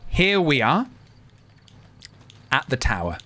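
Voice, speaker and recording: A man streaming a game live, talking in a wry, deliberate way and choosing his words carefully. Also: mid-range voice, sing-song, fairly bright tone.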